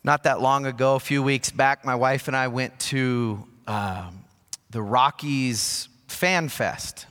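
A man's voice: medium pitch, slow, a bit bright, in a large hall. A man preaching a sermon as pastor, telling personal stories with self-deprecating humor. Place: church sanctuary.

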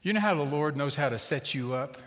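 A middle-aged man preaching a sermon as a pastor and telling a story in an animated, conversational way. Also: on the high side, fairly quick. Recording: reverberant hall.

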